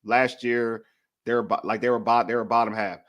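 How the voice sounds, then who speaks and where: A man's voice: mid-range voice, steady tone, a little fast, a bit bright. A man hosting a casual sports debate show, heated and slangy as he vents his frustrations.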